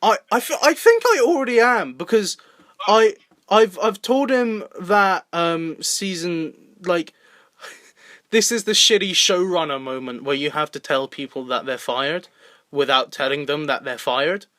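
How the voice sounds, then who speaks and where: A man's voice: sits high, measured pace, fairly bright tone, no room sound. A young man co-hosting a casual podcast, rambling with frequent laughter and repeated words. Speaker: podcast co-host and indie filmmaker.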